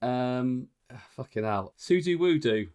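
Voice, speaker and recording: A man co-hosting a podcast, excitable, laughing and swearing as he guesses. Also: medium pitch, measured pace, over loud music. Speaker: podcast co-host. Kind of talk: casual podcast banter.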